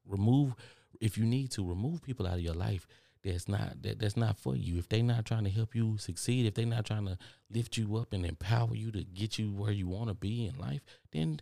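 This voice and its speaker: Texan male podcast host, low and gravelly, preachy and repetitive, dry sound. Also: brisk, mellow, dry recording. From Texas. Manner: rambling, repeats phrases, preachy. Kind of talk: motivational monologue. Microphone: studio microphone.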